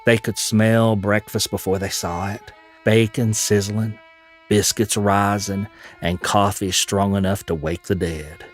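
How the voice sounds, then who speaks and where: Male narrator for audio drama, lower voice, measured delivery, faint music underneath. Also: steady tone.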